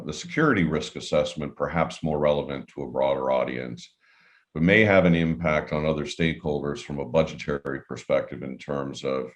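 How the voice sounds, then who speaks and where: A man with an extremely deep voice moderates a webinar panel discussion. He talks in a measured, deliberate way and chooses his words carefully as he passes questions to the panel.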